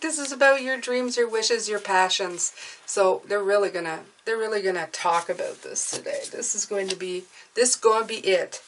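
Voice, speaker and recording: A woman giving a casual tarot reading, who bursts into delight over the cards and then drops to a soft murmur as she reads card texts aloud. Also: medium pitch, distant mic. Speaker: tarot reader.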